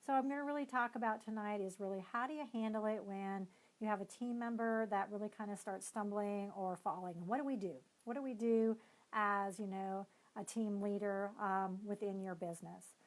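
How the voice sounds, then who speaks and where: A woman coaching team leaders on a live stream. She talks in a loose, conversational way and explains as she goes, leaning on hedging fillers. Her voice sits at an ordinary middle pitch. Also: steady tone, normal speed, low-quality recording. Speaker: neuropsychologist and team-building coach. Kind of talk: live-streamed motivational talk.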